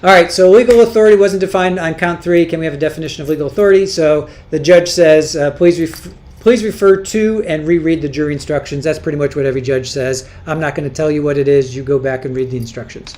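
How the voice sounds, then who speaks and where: A woman's voice: low voice, fairly even intonation, fast talker, few pauses, a little mellow. A woman hosting a casual livestream, chatting as she reads viewer comments aloud, often repeating and restarting her words. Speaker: livestream host.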